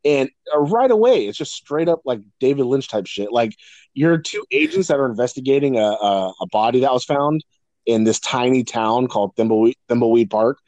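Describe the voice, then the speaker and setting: Profane, rambling man with a lively voice. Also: medium pitch, normal speed, no echo. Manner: profane, rambling, laughs often. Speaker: podcast co-host. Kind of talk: casual chat.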